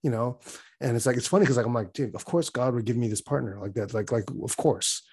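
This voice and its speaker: A man chatting casually on a podcast, telling an animated story with lots of fillers and acting out his own frustration. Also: medium pitch, fast talker, breathy edge. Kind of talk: casual chat.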